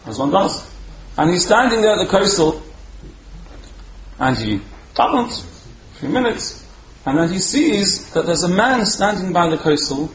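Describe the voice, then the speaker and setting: A man giving a storytelling sermon as a Torah speaker, animated and repeating words for emphasis. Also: on the high side. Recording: roomy echo, faint background hum.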